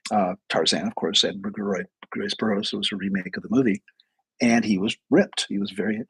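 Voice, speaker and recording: Husky-voiced man rambling through stories. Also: fairly low pitch, dry recording, poor audio. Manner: rambling storyteller, many fillers and restarts. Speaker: host. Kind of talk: casual livestream talk.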